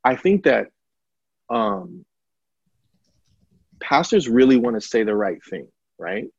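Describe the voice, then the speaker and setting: A husky-voiced man, a pastor, speaks candidly in conversation, getting louder and higher when he presses a point. The recording is dry and a little dull. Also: sing-song, slow pace, dry recording. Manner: impassioned, rising loud and high when stirred.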